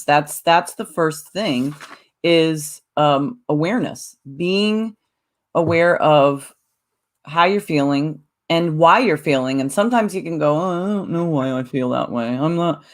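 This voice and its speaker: A woman's voice: on the low side, expressive, normal speed. A woman co-hosting a podcast in casual chat, earnest and reflective. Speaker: podcast co-host.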